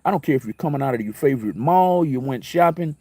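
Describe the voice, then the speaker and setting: A man hosting his own talk show, telling stories conversationally and repeating his points. His voice sits at an ordinary middle pitch and jumps up sharply for emphasis. The sound is dry and close to the mic. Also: expressive, quick pace, dark tone, no echo. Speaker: internet radio talk host. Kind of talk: casual live-stream monologue.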